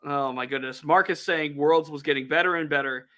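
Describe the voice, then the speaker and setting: A man's voice: a little high, steady tone, a little fast, pushed and bright. A man hosting a sports podcast as the team reporter, talking energetically and emphatically, promoting his coverage. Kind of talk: casual sports podcast chat.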